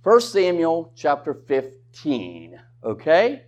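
Man, preacher, sermon, slightly high voice, very animated pitch, conversational, rhetorical questions, joking asides. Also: takes it slowly, highs cut off.

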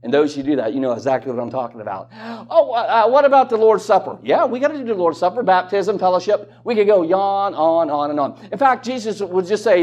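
A man's voice: sits high, expressive, a little fast, darkish tone. A man preaching a sermon in a conversational way, with rhetorical questions and joking asides.

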